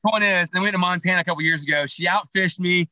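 A man being interviewed on a podcast, telling a hunting story in a rambling, animated way with many restarts and asides. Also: high-pitched, fast, no echo, rough recording. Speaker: podcast guest, clothing company founder.

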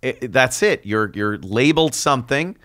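A man's voice: medium pitch, lively intonation, normal speed, fairly bright tone. A man guesting on a casual, opinionated chat, talking emphatically with stammering restarts. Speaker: guest, radio host.

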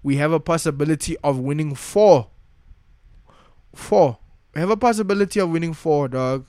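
A man's voice: a little high, lively intonation, moderate pace, warm tone, clean tone, no echo. A young man giving a casual, slangy rant as a football fan vlogger, frustrated and repeating himself.

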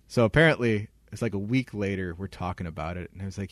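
A young man co-hosting a podcast, telling a story in casual chat, animated and laughing often. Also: deep voice, quick pace, no room sound. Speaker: podcast co-host.

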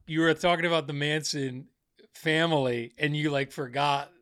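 A man's voice: fairly high pitch, steady tone, moderate pace, fairly bright tone, no echo. Male podcast host, casual and rambling, stumbles through his lines, dry close mic. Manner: rambling, full of fillers and restarts.

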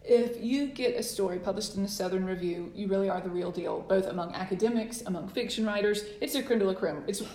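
A woman in her forties, an author being interviewed, telling her story with lively acted-out asides. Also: mid-range voice, fast, few pauses. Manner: animated storyteller, acts out quoted letters. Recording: roomy echo.

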